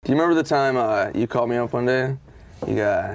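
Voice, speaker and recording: A man telling a story to a friend casually, in a loud and energetic way. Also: mid-range voice, fast talker, a little hiss or hum.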